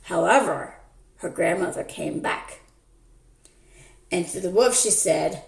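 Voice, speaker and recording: A woman with a lowish voice and vocal fry hosts her own channel, narrating a story slowly in a playful, casual way. The room gives off a noticeable echo.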